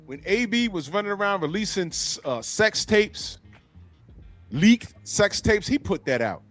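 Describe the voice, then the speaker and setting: A man's voice: high voice, lively intonation, measured pace, fairly bright tone, faint music behind. A man co-hosting a podcast, talking in casual, profane, mocking banter. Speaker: podcast co-host.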